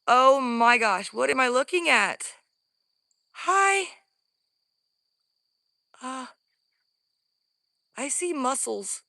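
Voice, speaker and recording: A woman vlogging from the woods on her phone, scared and breathing heavily, often dropping to a hushed whisper. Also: high voice, slow pace, creaky, pauses often, dry recording, clean studio sound. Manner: jittery, drops into hushed whispers. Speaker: paranormal vlogger. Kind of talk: live outdoor investigation vlog. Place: woods outdoors.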